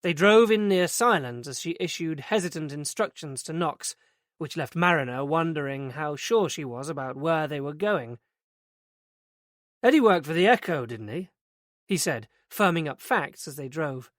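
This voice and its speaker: A man narrating a mystery audiobook in an even, steady reading voice. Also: fairly high pitch, normal speed, no room sound, clean studio sound. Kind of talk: scripted narration.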